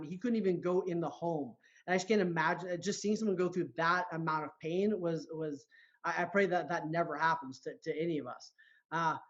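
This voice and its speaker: A man appears as a guest on a podcast, speaking earnestly as a motivational coach and often repeating words when he starts a sentence. His voice is a little high, and the audio sounds dull.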